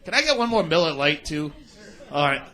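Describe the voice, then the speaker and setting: A man's voice: on the high side, very animated, brisk. A male stand-up comedian with a crude, rambling manner, bantering with the crowd from a comedy club stage. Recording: live club recording with loud crowd. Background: audience laughter.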